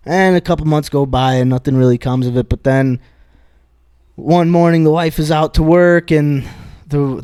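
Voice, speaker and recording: Brief: man, slightly high voice, dry close mic, rambling profane podcast storyteller. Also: darkish tone, clear, resonant tone, dry recording. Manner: rambling, profane, many restarts and fillers. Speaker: podcast co-host. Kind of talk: casual chat, retelling a stand-up bit.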